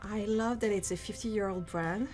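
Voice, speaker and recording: Woman, French accent, interview guest, casual, laughs often, middle pitch, faint background music. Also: normal speed, a little mellow. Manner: laughs often, restarts while thinking aloud. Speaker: marketing executive guest.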